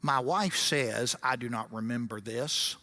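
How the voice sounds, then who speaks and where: Middle-aged male guest lecturer, bright voice, storytelling with dry humor. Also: mid-range voice, a little slow. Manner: storytelling with wry asides. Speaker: guest speaker at a grief seminar. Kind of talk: seminar lecture.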